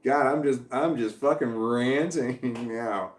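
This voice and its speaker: A man's voice: mid-range voice, slow pace, echoey room. A man on a casual livestream, ranting heatedly and swearing, with laughs between sentences. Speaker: vlogger.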